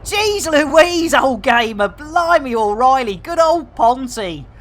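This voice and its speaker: Here a middle-aged man from Barnsley, England, banters through his live game stream with lots of catchphrases and jokes. He has a very high, sing-song voice with a fairly bright tone, and he speaks slowly.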